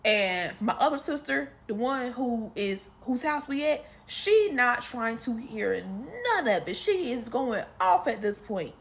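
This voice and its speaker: A woman telling a casual storytime monologue to her followers, retelling a family fight in animated, slangy talk with lots of quoted dialogue. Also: on the high side, takes it slowly, hardly any pauses. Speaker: storytime creator.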